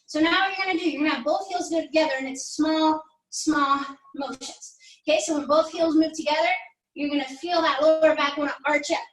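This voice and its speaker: High-voiced woman coaching a workout. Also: fairly even intonation, fairly quick. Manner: encouraging, chatty, counts down reps. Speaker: pilates instructor. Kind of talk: workout class instruction. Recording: echoey room, mic at a distance.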